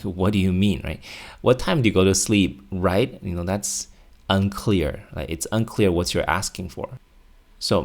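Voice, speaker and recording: Male teacher, lowish voice, clear patient delivery for a language lesson video. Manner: clear, patient explaining with spoken example phrases.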